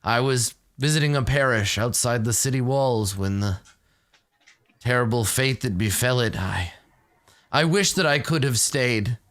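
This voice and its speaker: A man voicing a smooth-talking older male noble who claims piety, speaking in a measured, unctuous way. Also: medium pitch, a bit bright, no echo.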